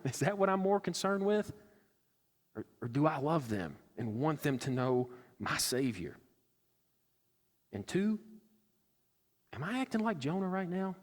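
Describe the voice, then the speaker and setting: A male pastor preaching a sermon, earnest and conversational, slipping into acted-out asides. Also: medium pitch. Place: church sanctuary. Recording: church hall with long reverb.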